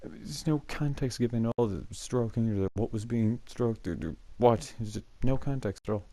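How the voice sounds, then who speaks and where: A man's voice: mid-range voice, normal speed, dark tone, dry recording. A young man hosting his own show, telling rambling school stories to the camera with many fillers and chuckles. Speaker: student storyteller, show host. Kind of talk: casual storytelling to camera. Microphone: mic that cuts out.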